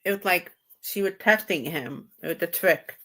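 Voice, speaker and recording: A woman hosting a tarot video, reacting to a clip and thinking aloud in halting, repetitive phrases with loose grammar. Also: lowish voice, fairly bright tone. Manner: halting, repeats herself, broken grammar. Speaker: tarot reader host. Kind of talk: casual thinking-aloud commentary.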